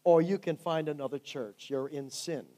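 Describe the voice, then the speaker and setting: A man's voice: fairly high pitch, pitched below the performer's own voice, close to an everyday voice. A man putting on the voice of an arrogant pastor who orders his flock around. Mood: domineering. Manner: domineering, slow and loud. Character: bossy arrogant male pastor.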